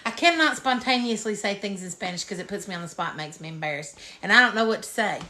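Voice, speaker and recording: Bright-voiced nurse. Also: female voice, mid-range voice, expressive, fast talker. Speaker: nurse and show co-host. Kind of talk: casual livestream chat. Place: home room lined with books.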